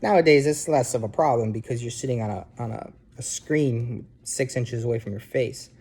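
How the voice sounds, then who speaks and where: A man's husky, slightly mellow, mid-range voice moves at a moderate pace as he lectures students casually from his home couch. He's an instructor from New Jersey with a New Jersey accent, staying conversational and frequently adding "okay?" and "um."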